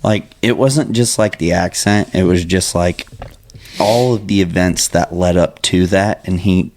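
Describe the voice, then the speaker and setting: A man's voice: sits low, a little slow, a little mellow. A man co-hosting a casual chat, laid-back, often answering with short agreements. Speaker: co-host.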